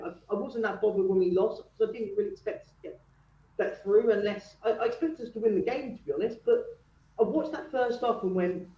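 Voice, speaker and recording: A man's voice: high-pitched, warm tone. A male football fan calling in, talking passionately and animatedly. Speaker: caller. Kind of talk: fan phone-in chat. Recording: echoey, distant, muffled call audio.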